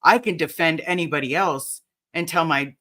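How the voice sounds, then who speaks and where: A podcaster chatting casually in an earnest, emotional way, with halting restarts as they talk. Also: mid-range voice, sharp tone. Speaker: podcast co-host.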